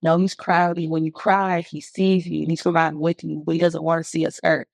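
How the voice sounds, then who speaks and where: A middle-aged woman, a guest singer, talking candidly and telling her story with animated, emphatic bursts. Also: deep voice, moderate pace, gravelly, dry recording. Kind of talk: candid conversation.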